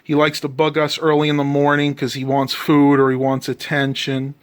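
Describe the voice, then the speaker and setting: A man's voice: fairly high pitch, monotone, normal speed, hardly any pauses. Easygoing man in a casual home vlog. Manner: easygoing, rambling, frequent ums and uhs. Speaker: vlogger. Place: his bedroom at home.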